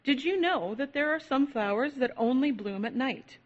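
A woman voicing a calm, teacherly owl. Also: high-pitched, moderate pace, dull audio. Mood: musing. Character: wise, kindly female owl guide.

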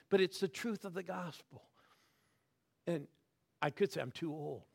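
Sixty-something guy preaching, fairly high voice, gets loud then drops real quiet, keeps egging the crowd on. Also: a little slow, vocal fry, long pauses. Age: 60s. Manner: animated, swings from loud exhortation to soft near-whispers, calls on the crowd. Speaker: guest preacher. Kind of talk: sermon.

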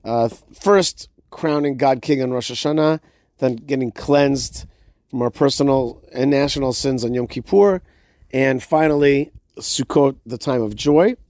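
Relaxed male show host, dry sound. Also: medium pitch, dry recording. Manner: relaxed, halting with fillers. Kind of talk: casual chat. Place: home sukkah.

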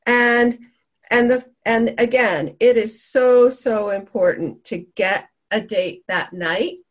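A woman's voice: a little high, takes it slowly. A woman hosting, recapping her guest's points with upbeat enthusiasm. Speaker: podcast host.

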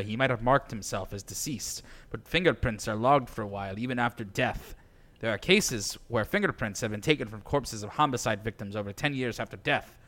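A man voicing a sharp young strategist. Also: medium pitch, natural voice. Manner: explanatory, matter-of-fact.

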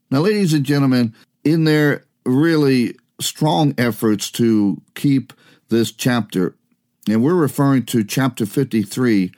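A man's voice: mid-range voice, darkish tone. Man preaching in a conversational radio sermon. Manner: conversational preaching with rhetorical questions and frequent "uh" fillers; swings between quick bursts and slow, stressed words. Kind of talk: broadcast sermon.

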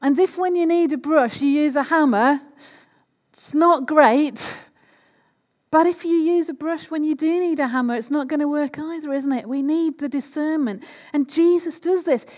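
A woman's voice: high voice, moderate pace, a little mellow. Woman preaching in a reverberant hall. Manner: conversational, asks the listeners questions. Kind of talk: sermon.

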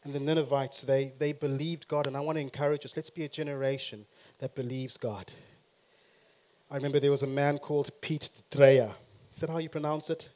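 A man preaching a sermon who talks straight to the congregation and swings from quiet to loud and emphatic. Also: medium pitch, steady tone, a little fast.

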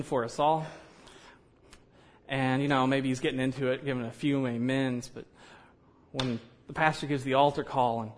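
A man preaching a sermon in a conversational way, with joking asides and frequent "you know". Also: medium pitch.

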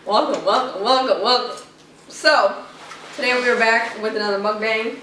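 A woman's voice: a little high, sing-song, takes it slowly, long pauses, sharp tone, recorded from a distance. Chatty young woman in an echoey room. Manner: upbeat and chatty, laughs often. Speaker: podcast co-host. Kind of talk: casual family chat during a food-eating video. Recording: echoey room, voice off-mic, light hiss.

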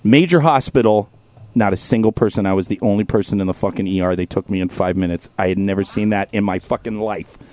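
A man's voice: fairly low pitch, fast, no room sound. A man hosting a podcast, telling a profane comedic story with lots of laughter, sore and tired from an injured rib. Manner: profane, animated, laughs through his story. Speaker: podcast host.

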